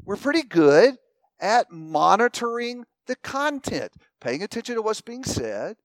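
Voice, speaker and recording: A man's voice: high voice, unhurried, no echo. A man teaching a group, talking the audience through an illustration and putting questions to them. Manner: animated storyteller, asks the audience questions. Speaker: speaker teaching a class. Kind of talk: teaching talk with acted-out anecdotes.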